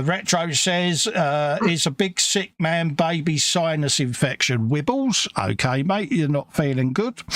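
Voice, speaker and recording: A man's voice: a little high, a bit bright, no echo, clean studio sound. A man hosting a casual livestream from his workshop, reading out chat messages and calling everyone mate. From England. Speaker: livestream host.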